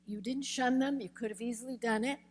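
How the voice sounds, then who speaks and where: A woman's voice: fairly high pitch, fairly even intonation, fairly quick, big-room sound. An older woman interviewing a guest on stage, asking earnest, emphatic questions. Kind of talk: onstage interview.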